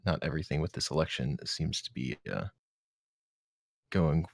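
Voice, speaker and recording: A man playing a tabletop game, speaking in a deliberate, measured way. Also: a bass voice, gravelly, dry recording, clean studio sound. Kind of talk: in-character play.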